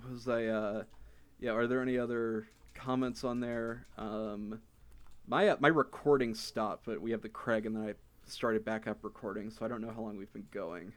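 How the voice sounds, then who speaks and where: A man's voice: on the low side, fairly even intonation, normal speed. A young man hosting a casual podcast, reading online posts aloud with many fillers and restarts. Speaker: podcast host.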